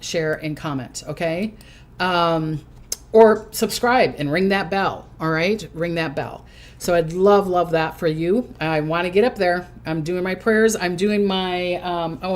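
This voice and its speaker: An older woman hosting a casual psychic livestream from her recliner at home, chatty and hyper, often giggling. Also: fairly low pitch. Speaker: psychic host.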